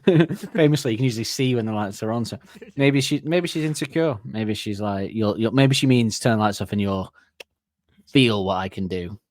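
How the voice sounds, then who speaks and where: A man's voice: fairly low pitch, normal speed, darkish tone, dry recording. A man co-hosting a comedy podcast, laughing often and acting out silly cartoon voices as he picks apart song lyrics. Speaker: podcast co-host.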